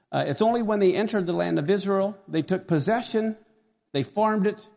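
A middle-aged pastor preaches a sermon in a high, gravelly voice. He is animated and conversational, frequently putting questions to his congregation.

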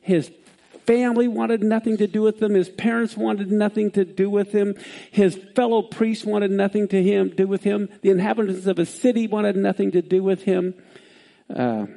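A man preaching a sermon, reading scripture aloud with sudden swings in pitch. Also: vocal fry, dark tone.

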